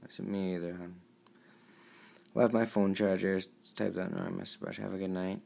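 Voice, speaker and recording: A young man with a deep, heavily gravelly voice reads his text messages aloud. He sounds earnest and pleading, and keeps his voice quiet and downcast. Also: flat delivery, brisk. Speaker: vlogger.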